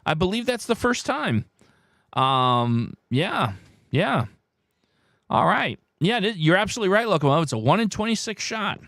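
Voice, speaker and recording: A man hosting a live word-game stream, reading out viewers' guesses in an excitable way, his voice worn hoarse. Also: high-pitched, normal speed, no room sound, clean studio sound. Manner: animated, excitable, shouts "No!" at wrong guesses. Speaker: livestream host.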